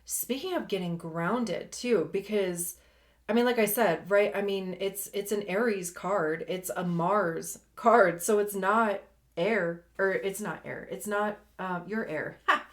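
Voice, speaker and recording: Chill lady doing a tarot reading, slow and easy, chatty and slangy, laughs a lot. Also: medium pitch. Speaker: tarot reader.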